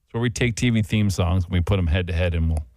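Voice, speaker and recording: A man hosting a morning radio show, bantering playfully with co-hosts and callers. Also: deep voice. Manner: lively, playful, quick to laugh.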